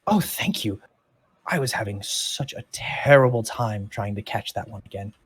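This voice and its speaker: A man's voice: lowish voice, animated, moderate pace, husky. A man voicing a courteous floating eye creature. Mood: polite. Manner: courteous, fussy, drops to a whisper. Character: floating many-eyed creature, a polite specimen collector.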